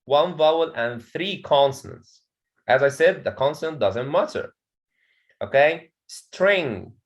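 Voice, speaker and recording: A man's voice: a little high, rough recording. A man with an Egyptian accent teaching an English pronunciation lesson in a classroom, often saying "okay" and checking that students follow.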